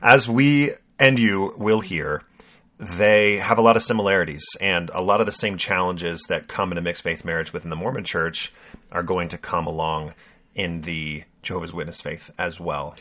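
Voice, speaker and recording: A man co-hosts a podcast in relaxed, teasing conversation, wandering through his thoughts. His voice sits a bit low but comes across bright and forward. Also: moderate pace. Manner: jokey, rambling, teasing. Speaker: podcast co-host. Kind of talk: casual chat.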